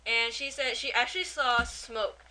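A young woman co-hosts an amateur podcast in a slightly high voice. Her tone is very bright. She makes blunt, offhand remarks in easy conversation. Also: steady tone, a little slow, poor audio. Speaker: podcast co-host. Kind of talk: casual podcast chat.

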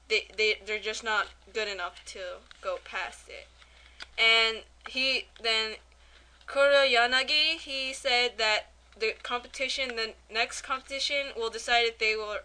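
A woman with a very bright, slightly high voice, chatting casually on a podcast. She rambles through a plot retelling, acting out the quotes as she goes. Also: a little slow. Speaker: podcast co-host. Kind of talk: casual anime review chat.

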